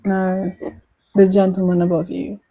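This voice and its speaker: Young female streamer, casual live chat, slow delivery, soft mellow tone. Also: mid-range voice, lo-fi sound. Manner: relaxed, hesitant with frequent ums. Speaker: live-stream host chatting with viewers.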